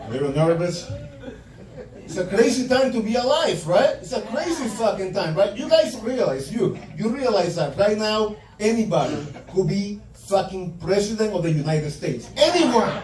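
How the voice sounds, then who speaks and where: A man's voice: high-pitched, lively intonation, normal speed. A male stand-up comedian doing a profane, punchy set and acting out quotes from his stories. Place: comedy club stage. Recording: roomy club sound from far off, loud crowd laughter. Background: audience laughing.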